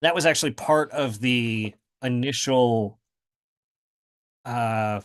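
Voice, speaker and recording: A man's voice: medium pitch, takes it slowly, clean tone. A man speaking as a guest author in a casual interview, rambling with many fillers and restarts.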